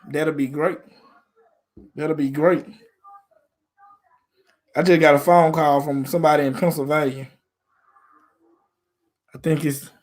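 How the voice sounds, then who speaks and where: A man from Memphis with a Southern accent, hosting a casual live stream about football in a laid-back, slangy way. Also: fairly high pitch. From Memphis, Tennessee.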